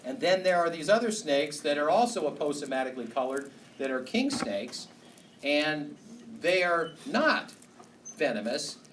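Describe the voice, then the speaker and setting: A man's voice: fairly high pitch, fairly bright tone. A man lecturing a university biology class, joking and asking the students questions. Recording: echoey hall from far off, noisy.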